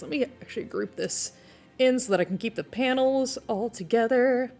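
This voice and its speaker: A woman's voice: mid-range voice, gravelly, darkish tone. A woman chatting casually with her live-stream viewers while she draws, laughing often. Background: video game music playing.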